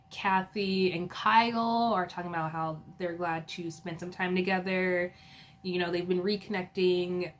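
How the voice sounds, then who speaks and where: A woman recapping a reality TV episode in a casual, chatty way, with lots of laughs, fillers and playful asides. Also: fairly low pitch.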